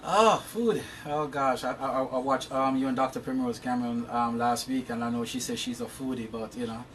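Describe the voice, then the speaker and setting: A man's voice: mid-range voice, level tone, a little fast, recorded from a distance, slight background noise. A man from Jamaica with a Jamaican accent, giving long, earnest interview answers about his insurance work and often restarting his words. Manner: explains at length. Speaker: interview guest, insurance professional.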